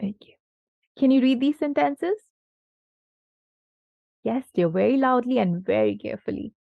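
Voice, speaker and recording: Female tutor, fairly high voice, slow and patient with a young pupil, dull lo-fi recording. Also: expressive, vocal fry, no room sound. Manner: patient, encouraging, asks many questions. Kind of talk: one-on-one grammar lesson for a child.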